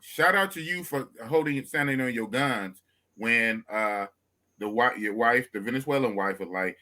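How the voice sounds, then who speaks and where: A man's voice: mid-range voice, normal speed, pushed and bright. A man hosting a podcast, cheering his guest on with emphatic call-outs in casual chat. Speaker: podcast host.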